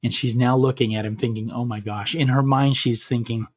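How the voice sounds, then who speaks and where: A man hosting a podcast, telling a scary bedtime story in a measured way, slowing down for suspense. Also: mid-range voice, fairly even intonation. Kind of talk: spooky bedtime story narration.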